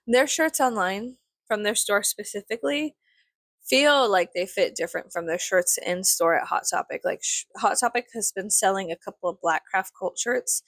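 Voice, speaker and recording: A woman's voice: medium pitch, normal speed, fairly bright tone, no echo, clean studio sound. A young woman rambling casually to camera, swearing freely and acting out her own thoughts with self-mocking humor. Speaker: vlogger.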